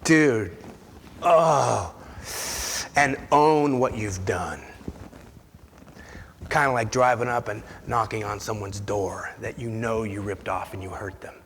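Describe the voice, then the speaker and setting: A man's voice: on the low side, slow pace, long pauses, a bit bright, slight background noise. Man preaching in a reverberant church. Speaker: pastor. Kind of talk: sermon. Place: church sanctuary.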